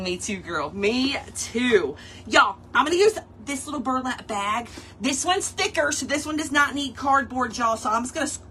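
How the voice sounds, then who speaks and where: A high-voiced woman hosts a casual craft session and chats playfully with her audience. Her tone is bright and lively. A faint hiss of room noise sits under her voice. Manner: playful, chatty, talks straight to viewers and chat, laughs often. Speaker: craft tutorial host. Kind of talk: casual chatty craft livestream.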